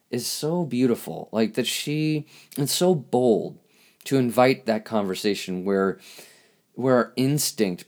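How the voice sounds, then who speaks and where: A man hosting a podcast, speaking in a halting, reflective monologue with lots of restarts, and openly emotional. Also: lowish voice, darkish tone. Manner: halting, searching for words, emotional. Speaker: podcast host.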